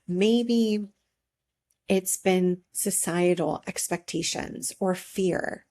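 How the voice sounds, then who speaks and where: Middle-aged woman coach, unhurried encouraging delivery, low mellow voice. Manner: slow, gentle and encouraging, with long pauses. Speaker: life coach. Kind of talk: reflective motivational talk.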